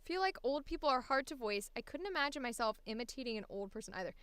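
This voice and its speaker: A chatty woman voice actor talks shop in a bright, ringing voice that sits a little high. Her tone is crisp and smooth, and she is animated and quick to laugh. The sound is close and dry. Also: dry recording. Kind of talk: casual chat about voice acting.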